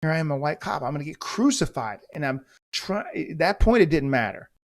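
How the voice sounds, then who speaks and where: Brisk and expressive, this slightly high-voiced man is a former cop from the United States who hosts a podcast. He's middle-aged and delivers a storytelling monologue with bluntness, intensity, and plenty of profanity.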